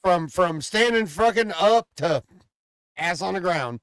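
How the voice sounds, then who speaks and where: A man co-hosting a casual podcast, telling long, profane, animated stories about his dog. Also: high-pitched, unhurried, clear, resonant tone, no room sound. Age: adult father. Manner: profane, animated rambling storyteller. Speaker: podcast co-host. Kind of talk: casual chat, storytelling.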